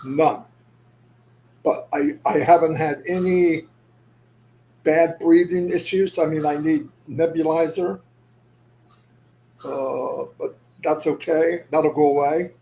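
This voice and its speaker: A man's voice: fairly high pitch, steady tone, slow pace, pauses often, dark tone, a little hiss or hum, low-quality recording. A man chatting casually on a livestream, rambling and losing his thread, often moving on with "anyway". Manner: says "anyway" often to move on. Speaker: livestream host.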